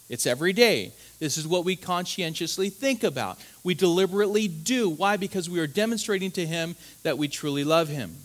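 Male pastor, higher voice, earnest and emphatic, stumbles and restarts, preaching a sermon. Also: lively intonation, a little fast. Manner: earnest, emphatic, with frequent stammered restarts and rhetorical "right?".

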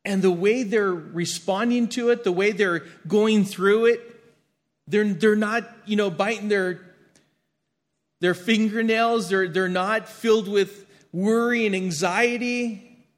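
A man preaching a sermon and reading scripture aloud, earnest, swinging between emphatic lines and hushed ones, often repeating his words. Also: high-pitched, fairly even intonation, slow. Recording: long hall reverb.

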